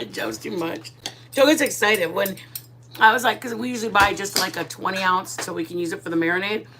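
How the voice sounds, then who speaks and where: A woman's voice: medium pitch, fairly quick. Woman, casual cooking chat, laughs often, faint noise. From Texas. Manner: chatty, laughs often, mixes in Spanish words. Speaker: vlogger.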